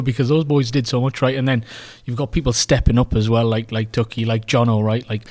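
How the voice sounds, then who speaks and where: A man's voice: medium pitch, steady tone, fast, hardly any pauses. A man co-hosting a club podcast in casual chat, rambling with lots of fillers and restarts. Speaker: podcast co-host. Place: club podcast recording with mates.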